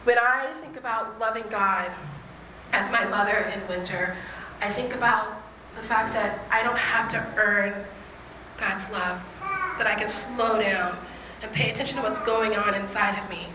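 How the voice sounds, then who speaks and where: A woman giving a reflective faith talk, earnest and conversational, slowing down to stress key points. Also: mid-range voice, pushed and bright, a little hiss or hum. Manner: earnest, conversational, slows for emphasis. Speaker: speaker. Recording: echoey room with faint ambience.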